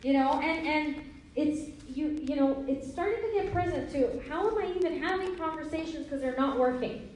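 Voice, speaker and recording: A young female business trainer with a high voice and darkish tone addresses a live audience at normal speed in a motivational seminar. Playful and quick to laugh, she acts out conversations. Heavy echo fills the meeting room, the mic is far away, and there's a faint hiss.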